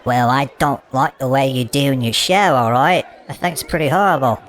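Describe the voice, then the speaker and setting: A man's voice: medium pitch, moderate pace, a bit bright, a little hiss or hum, close to an everyday voice. A man playing an indignant English male protester in a comedy sketch, belligerent and stammering.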